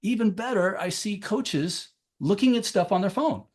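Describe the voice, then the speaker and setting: A man coaching high jump, chatting as a podcast guest, telling animated stories and acting out the people he quotes, often laughing as he talks. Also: moderate pace. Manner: laughs often while talking. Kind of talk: casual podcast chat.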